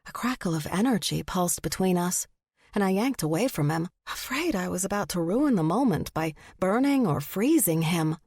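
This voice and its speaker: A woman's voice: lowish voice, expressive, normal speed, darkish tone, husky, dry recording, clean studio sound. Woman narrating an audiobook. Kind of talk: first-person audiobook narration.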